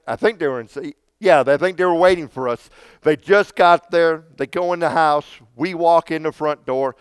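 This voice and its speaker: A man's voice: on the high side, clean tone, no room sound. A man casually telling a long personal story, rambling and repeating himself with frequent restarts.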